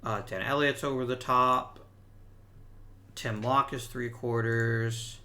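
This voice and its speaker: Guy narrating his game, bright clear voice, thinks out loud and fixes himself mid-sentence. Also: medium pitch, fairly even intonation, slow pace, echoey room. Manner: explanatory, thinks aloud with self-corrections. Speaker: gaming video host. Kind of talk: casual gameplay commentary.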